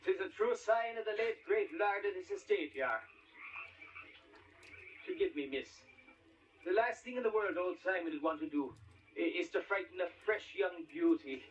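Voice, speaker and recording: An actor playing a scruffy old poacher with a put-on Irish accent, wheedling and theatrical, on an old film soundtrack. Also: male voice, high voice, lively intonation, normal speed, pauses often. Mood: pleading. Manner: wheedling, sing-song, theatrical. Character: scruffy old male poacher, pleading and blustery. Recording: dull old film soundtrack with faint hiss, distant.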